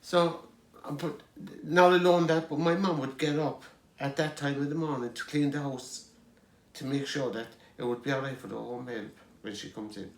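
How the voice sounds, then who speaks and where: A man's voice: medium pitch, steady tone, moderate pace, reverberant. A middle-aged Irish man telling rambling family anecdotes as an interviewee, chuckling as he goes. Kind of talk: storytelling.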